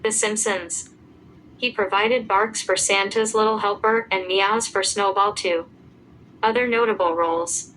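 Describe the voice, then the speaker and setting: A woman giving a scripted narration, reading out lists of names and dates at an even pace. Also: mid-range voice, a little slow, a little hiss or hum, poor audio.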